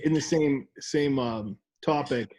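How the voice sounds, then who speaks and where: A man's voice: medium pitch, takes it slowly. A young man co-hosting a casual podcast, telling a story with laughs and acted-out quotes. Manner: animated, laughing, acts out quoted voices. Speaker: podcast co-host.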